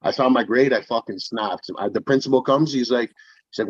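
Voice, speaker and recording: A man's voice: mid-range voice, brisk, dry recording. A man in casual podcast chat, telling blunt, swear-filled stories and calling people bro. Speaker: podcast co-host. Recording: husky dry dull lo-fi mic.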